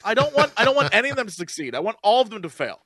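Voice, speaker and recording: A man's voice: high-pitched, sing-song, very fast, bright, forceful tone, no room sound, studio quality. A man co-hosting a podcast in casual chat, complaining emphatically and with animation. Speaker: podcast co-host.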